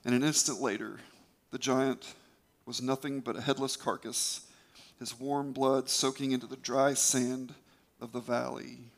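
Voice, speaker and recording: A man's voice: medium pitch, little pitch movement, unhurried, vocal fry. A man retelling a scripture story as a preacher, emphatic, with occasional stumbles.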